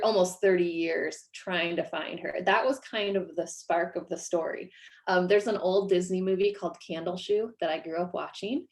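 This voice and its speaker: A woman from Iowa, an author talking casually about her writing, self-deprecating and quick to laugh. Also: on the low side. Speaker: author guest. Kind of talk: casual interview chat.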